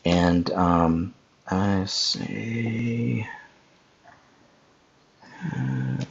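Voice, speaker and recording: Gravelly low-voiced man walking through an edit. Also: unhurried, lo-fi sound, slight background noise. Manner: talks viewers through each step, casual and chatty; speaks to live chat viewers. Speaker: podcast host. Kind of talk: live editing tutorial.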